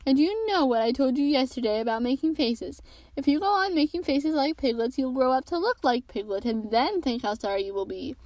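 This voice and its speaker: A brisk, motherly kangaroo from a storybook, put on by a woman reader, soothing and firm at once. Her voice sits fairly high, and the sound is close and dry. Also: lively intonation, a little mellow, no room sound. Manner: soothing yet firm, no-nonsense.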